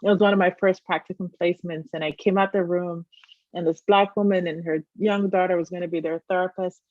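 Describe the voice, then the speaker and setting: A woman hosting an interview, talking in a lively, chatty way with many fillers and quick laughs. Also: lowish voice, no echo. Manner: animated, laughs often, lots of fillers. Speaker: host. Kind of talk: casual interview chat. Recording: muffled dry video-call audio.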